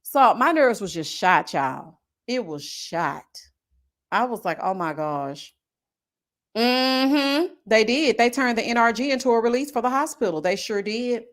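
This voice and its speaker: This livestream host is a woman from Houston whose voice sits a little high and moves a little slowly. She tells stories in animated, slangy casual chat while reading out super chats.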